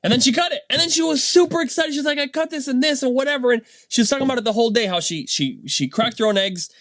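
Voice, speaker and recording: A man, a dad, telling a casual motivational story in a rambling, animated way, tagging his points with "right?". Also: very high-pitched, fast, dry recording. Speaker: vlogger and dad.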